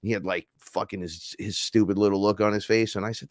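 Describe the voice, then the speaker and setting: Man, podcast host, casual storyteller; low-pitched, excitable, foul-mouthed, loud-then-hushed delivery; dry close sound. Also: brisk, hardly any pauses, no room sound. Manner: profane, excitable, swings between loud and hushed. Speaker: podcast host recounting an experience.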